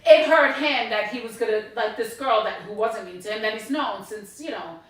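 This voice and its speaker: A woman's voice: fairly high pitch, moderate pace. A middle-aged woman co-hosting a casual podcast, telling stories with lots of swearing and acted-out quotes. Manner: animated, swearing, acts out quotes. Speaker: podcast co-host. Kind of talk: casual chat, storytelling. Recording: echoey room, distant mic.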